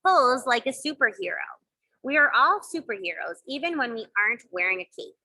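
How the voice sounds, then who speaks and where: A woman leading children through yoga poses and breathing games, giving gentle, encouraging instructions with playful sound effects. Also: on the high side, expressive, fairly quick, rough recording. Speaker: kids yoga teacher. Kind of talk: guided kids yoga and mindfulness.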